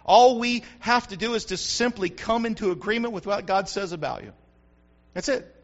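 A male pastor delivering an animated sermon, repeating phrases for emphasis and building up to shouts. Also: sits high, moderate pace, highs cut off.

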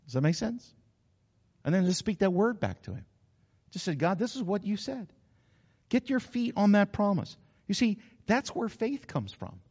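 A man's voice: high-pitched, sing-song, normal speed, darkish tone, husky, in a large hall, muffled recording. A middle-aged man, a pastor preaching a sermon in an emphatic, conversational, repetitive way. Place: church.

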